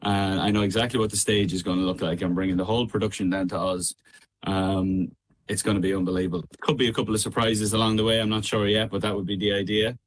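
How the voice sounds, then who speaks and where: A young man with a midlands Irish accent, chatting casually as a radio guest over a remote call, easygoing with frequent ums and quick laughs. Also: on the low side, flat delivery, slight background noise. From Ireland. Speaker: guest singer.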